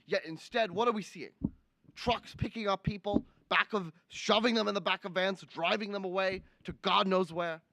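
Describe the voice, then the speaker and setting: A man's voice: high voice, steady tone, normal speed, sharp tone. A young man putting on an indignant older male senator with a Brooklyn accent, lecturing and repeating his outrage in a comic political impression. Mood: ranting. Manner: ranting, finger-wagging, repeats outrage lines. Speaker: student livestream presenter.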